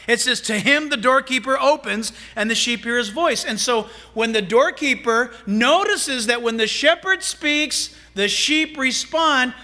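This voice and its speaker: A pastor preaches with a strikingly high, bright, ringing voice. He talks in an animated, humorous way, breaking off into playful asides to his listeners. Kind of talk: sermon.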